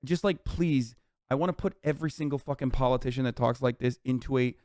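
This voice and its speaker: Heated and profane, this thirtysomething streamer fires off sarcastic political rants and reads chat aloud. His voice is medium-pitched and a little mellow, he talks fast, and the clean studio sound carries no echo.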